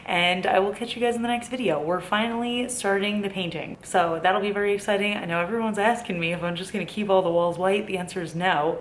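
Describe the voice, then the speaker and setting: A woman's voice: lowish voice, a little hiss or hum. A young woman chatting casually to the camera at home in an upbeat vlog, laughing now and then. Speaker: vlogger. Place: new home, indoors.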